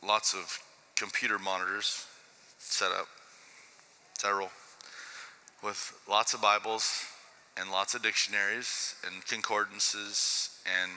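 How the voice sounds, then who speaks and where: A man's voice: fairly low pitch, sharp tone, long reverb tail, rough recording. A man preaching a sermon emphatically, often repeating key phrases for effect.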